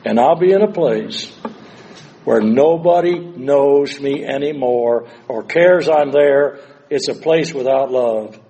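An older man preaching a sermon, moving between hushed, slow passages and loud, dramatic cries. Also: medium pitch.

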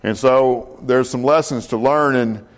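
A man teaching a Bible class in a relaxed, conversational way, with many fillers and self-corrections and questions put to the class. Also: mid-range voice, unhurried. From United States. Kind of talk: casual Bible class lecture.

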